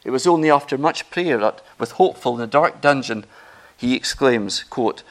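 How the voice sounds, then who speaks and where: Man, sermon, earnest, emphatic, mid pitch. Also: moderate pace. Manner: earnest, emphatic, rises in pitch and volume on key phrases. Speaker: preacher.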